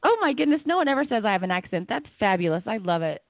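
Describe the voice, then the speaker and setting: A woman with a Southern US accent co-hosting a talk show, chatty and excitable, quick to exclaim. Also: medium pitch, no echo. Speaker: podcast co-host. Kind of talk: casual radio chat. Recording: phone-like, dry call-in audio.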